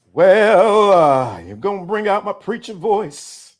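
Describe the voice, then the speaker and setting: A man hosting a casual livestream, talking to his chat in an animated, teasing way and laughing often. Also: high-pitched, very slow, long pauses. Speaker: livestream host. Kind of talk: casual live-stream chat.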